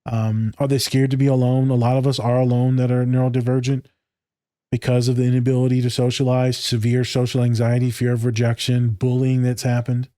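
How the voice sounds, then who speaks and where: A man's voice: mid-range voice, completely flat delivery, a little fast, mellow, smooth, dry recording, clean studio sound. A man in casual podcast chat, loose and candid, swearing freely and acting out conversations. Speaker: podcast co-host.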